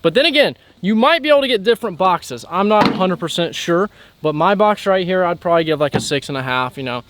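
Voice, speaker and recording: An excitable young man narrates his fishing trip from a lake bank, his voice sitting a bit high for a man. He talks casually to his viewers, and a faint hiss of outdoor noise sits behind him. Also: fast. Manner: excitable, hyped up when hooking fish. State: out of breath. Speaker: fishing channel host.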